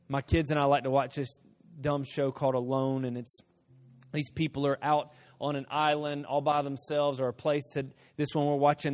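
A man preaching a sermon, dropping to a hush and then rising to loud emphasis, acting out short dialogues in different voices. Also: a little high. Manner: swings from hushed to loud, emphatic. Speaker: pastor.

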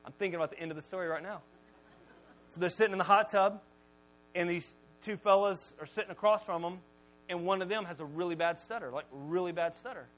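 Lively male pastor, high voice, storytelling sermon. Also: a little fast, long pauses, poor audio. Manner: animated storytelling, jokey.

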